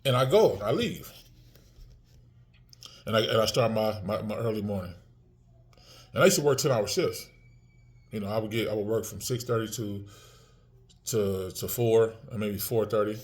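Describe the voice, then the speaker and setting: A man's voice: on the low side, normal speed, pauses often. A man in his forties talking casually to the camera, heated and profane, repeating words and restarting often. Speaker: vlogger.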